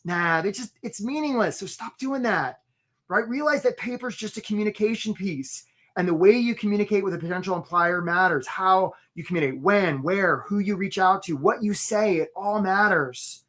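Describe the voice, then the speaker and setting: Animated man coaching a live webinar. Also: high-pitched. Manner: animated, quick asides, acts out job seekers in put-on voices. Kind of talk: energetic live webinar talk.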